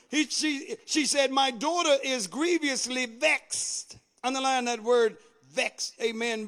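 Male preacher with a very high voice, fervent call-and-response delivery, swings up into shouted lines. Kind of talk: sermon.

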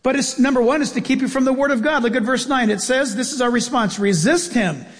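A pastor preaching a sermon in an animated way, acting out voices and laughing as he goes. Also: very high-pitched, brisk, in a large hall. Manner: animated, acts out voices and laughs mid-sentence.

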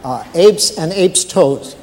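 A man's voice: fairly high pitch, slow, darkish tone, long reverb tail, a little hiss or hum. A man playing a nervous new male night guard who stammers politely on the phone to his boss. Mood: flustered. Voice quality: stammering, hesitant, overly polite. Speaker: comedian.

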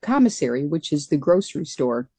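A woman's voice: sits low, sing-song, a little fast, dark tone, slightly rough, no echo. A woman guest being interviewed about her years as a pilot, speaking earnestly and conversationally with frequent restarts. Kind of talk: conversational storytelling.

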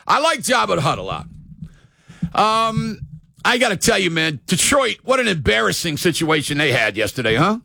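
A middle-aged man hosting casual sports talk, excitable, shouting and drawling words for emphasis. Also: high voice, moderate pace, gravelly, dry recording.

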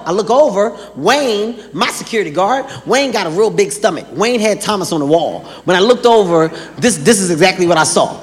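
A man telling a wild story as a stand-up comedian on a live stage, loud and animated, acting out every quote. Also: high-pitched, a little fast, slight background noise. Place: live comedy stage before a large audience. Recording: reverberant large venue with crowd.

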